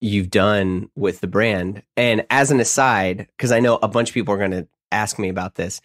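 Easygoing low-voiced male podcast host. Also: moderate pace, fairly bright tone, no room sound, clean studio sound. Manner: chatty, easygoing, riffing. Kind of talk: podcast interview.

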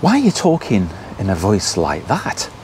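A man's voice: sits low, huge pitch swings, moderate pace, darkish tone, a little hiss or hum. A man casually reviewing a tent outdoors in a chatty, detailed, self-deprecating way. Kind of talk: casual gear review vlog.

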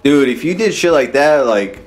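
A man co-hosting a podcast in casual chat, excitable and swearing a lot, full of "like" fillers. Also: on the high side, moderate pace, a little hiss or hum. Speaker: podcast co-host.

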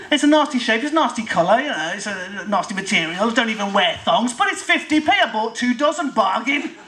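Lively bright-voiced woman performer. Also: fairly high pitch, rough recording. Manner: animated, self-mocking comic exaggeration. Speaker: spoken word performer. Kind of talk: comic spoken word monologue. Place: live performance venue.

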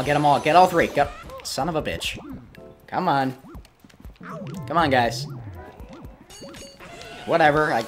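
A man narrating his gameplay in a casual, running commentary, quick to curse and plead when things go wrong. His pitch is lively and leaps around between calm remarks and sudden outbursts. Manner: easily frustrated, swears and pleads at the game. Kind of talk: let's play commentary.

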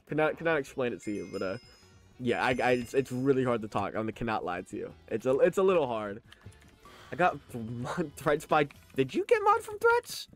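Young man talking through a lisp. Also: medium pitch. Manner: chatty and joking, laughs often, stammers on restarts. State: slurred lisp, mouth held open by new braces, full of saliva. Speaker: live streamer. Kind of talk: casual live-stream chat, reading chat aloud.

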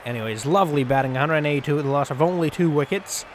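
Man, fairly high voice, cursing and joking while playing, loud game crowd behind. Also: quick pace, a little hiss or hum. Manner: swearing, exasperated, joking. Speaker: gaming YouTuber. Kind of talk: casual gameplay commentary. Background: game crowd and ambience.

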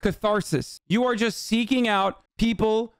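A man's voice: high voice, a little slow, clean tone, no echo, studio quality. A young man streamer reacting to clips, talking bluntly and profanely in a ranting commentary. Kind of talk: casual commentary.

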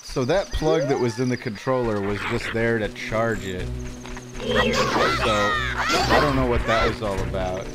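A man with a medium-pitched voice and a slightly slow pace streams gameplay, chatting in a relaxed way and responding to chat messages. Game music plays behind his voice.

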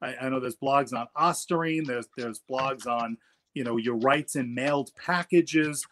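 A man's voice: mid-range voice, measured pace, a bit bright, a little hiss or hum. A middle-aged man, an attorney guest, telling stories in casual interview talk and often repeating words as he goes.

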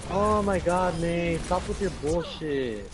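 A young man playing alongside a friend, breaking into frustrated outbursts and quick questions. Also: fairly high pitch, animated, noisy background. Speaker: co-player. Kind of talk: casual gameplay chat.

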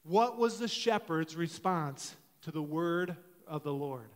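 High-voiced male pastor in a reverberant hall. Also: lively intonation, slow pace. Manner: storytelling, often restarts and corrects himself. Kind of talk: conversational sermon. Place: church sanctuary. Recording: long reverb of a church hall.

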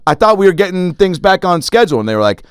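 Brief: male podcast host, quick animated storyteller who acts out voices, dry studio mic. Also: high-pitched, smooth, dry recording. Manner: animated, acts out other people in his stories. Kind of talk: casual storytelling chat.

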